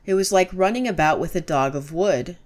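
Woman narrating a classic tale. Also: fairly low pitch. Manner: measured, storytelling, rising to urgent shouts in dialogue. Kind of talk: audiobook reading of a classic story.

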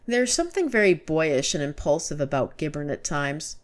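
Woman, audiobook narrator, classic story, measured delivery, slightly low voice. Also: sing-song. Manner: measured, storytelling, rising to urgent shouts in dialogue.

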